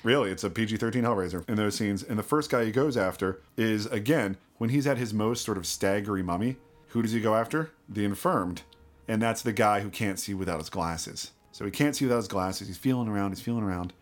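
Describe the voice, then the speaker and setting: Lowish-voiced man podcast co-host. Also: fairly quick. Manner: relaxed, dry humor, fillers like uh. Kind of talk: casual chat about films.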